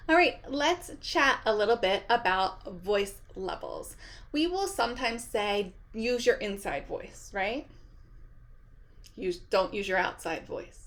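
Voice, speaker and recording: A middle-aged woman, a kindergarten teacher, giving upbeat and chatty classroom tips straight to camera and often checking in with her listeners. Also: a little high. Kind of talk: friendly teaching talk to camera.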